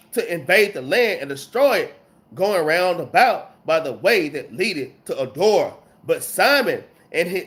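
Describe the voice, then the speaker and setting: A man's voice: sits high, fairly bright tone. A man teaching a casual scripture lesson, emphatic and peppered with slang, still getting over a cold. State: recovering from a cold, coughing. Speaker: Bible class teacher.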